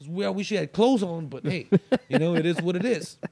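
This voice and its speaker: A man's voice: high voice, a little fast, vocal fry, mellow, dry recording. A male comedian guest on a podcast telling a story in a loose, rambling way with many restarts. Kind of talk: casual storytelling.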